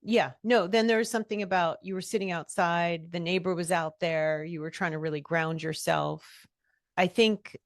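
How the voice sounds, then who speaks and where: A woman reflecting back a friend's story in a calm, thoughtful, empathetic way. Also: fairly low pitch, dry recording, clean studio sound. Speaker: podcast host. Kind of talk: reflective conversation.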